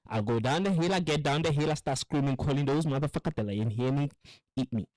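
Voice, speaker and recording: A man's voice: on the high side, fast talker, dry recording, rough recording. A man hosting a casual show, rambling in a profane, philosophical monologue that jumps from storytelling to musings. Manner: acts out quotes in animated voices. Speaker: show host.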